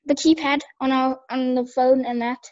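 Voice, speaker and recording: A woman student explaining something to her teacher in a halting way, searching for words. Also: high voice, fairly even intonation, a little mellow. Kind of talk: hesitant classroom explanation. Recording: dull lo-fi call audio.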